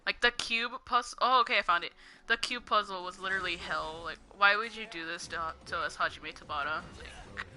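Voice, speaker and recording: A woman's voice: medium pitch, moderate pace, bright, forceful tone. A young woman casually ranting over her gameplay, giggling often and filling her talk with "like". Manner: giggly, heavy use of "like", ranting. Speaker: gaming streamer. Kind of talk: casual gameplay commentary, rambling.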